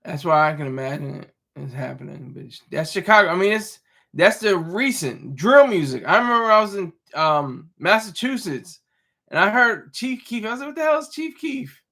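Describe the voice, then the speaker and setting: Man, high voice, stream host, casual rambling commentary, halting restarts. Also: lively intonation, vocal fry, bright, forceful tone. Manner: rambling, halting, frequent restarts and self-corrections. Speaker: livestream host reading chat.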